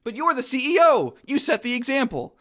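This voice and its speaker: Man putting on a one-eyed monster, male, frantic, high-pitched, hurried. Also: sing-song, fairly bright tone, full character voice. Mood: urging. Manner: high, nervous, rushed.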